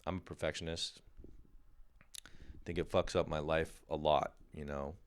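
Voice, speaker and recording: A man's voice: rumbling low, level tone, moderate pace. A man hosting a podcast, delivering a rambling, profane comic monologue full of "you know" and "right.". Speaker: podcast host.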